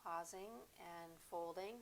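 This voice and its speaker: A woman teaching a yoga class, calmly cueing breaths and poses at an unhurried pace. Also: lowish voice, slight background noise. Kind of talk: guided yoga class instruction.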